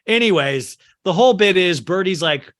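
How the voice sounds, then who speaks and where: A man hosting a podcast, recapping a movie in a casual, animated way with lots of fillers. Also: high-pitched, normal speed. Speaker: podcast host.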